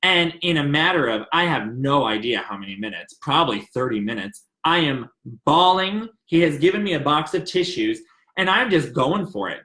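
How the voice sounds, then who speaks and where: A man's voice: on the high side, expressive, moderate pace, sharp tone, reverberant. A young man from the American South, telling a personal story in an earnest, emotional, rambling way. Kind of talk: personal story, casual retelling.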